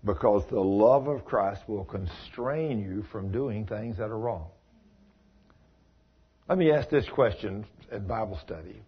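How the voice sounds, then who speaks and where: Folksy husky man teaching. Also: on the low side, a little slow. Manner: folksy, addresses listeners by name, asks them questions. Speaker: Bible study teacher. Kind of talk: informal Bible study teaching. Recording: dull lo-fi recording.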